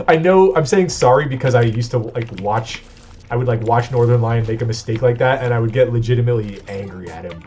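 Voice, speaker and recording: A man's voice: medium pitch, animated, a little fast, darkish tone. A man hosting a let's play, talking in a rambling, confessional way with restarts and laughs, recorded on a webcam mic. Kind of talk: candid gameplay commentary. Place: home computer setup. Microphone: built-in webcam microphone. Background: keyboard clacking and faint game music.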